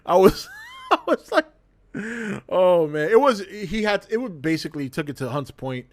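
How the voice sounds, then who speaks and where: A man's voice: high voice, moderate pace. Laughing, cussing man telling a story. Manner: laughs often mid-sentence, swears freely, animated retelling. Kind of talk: casual storytelling to a livestream chat.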